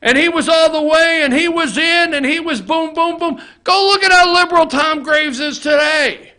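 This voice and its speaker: A man hosting a political opinion show from an office, talking to the camera in a fired-up, profane rant and often shouting. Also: extremely high pitch, moderate pace. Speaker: host. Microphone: facing camera.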